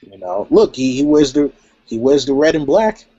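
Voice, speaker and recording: A man's voice: mid-range voice, animated, moderate pace, mellow, no echo. A man talking casually in a live chat, laid-back and rambling with "you know" and "um". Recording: dry, dull lo-fi stream audio.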